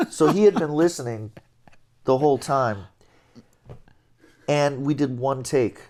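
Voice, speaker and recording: A middle-aged man settles into a sit-down interview and tells long anecdotes about his years as a musician. His voice sits at an average pitch, and he gets animated as the stories build, chuckling along the way. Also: slow. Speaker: interview guest, jazz trombonist. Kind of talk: relaxed storytelling.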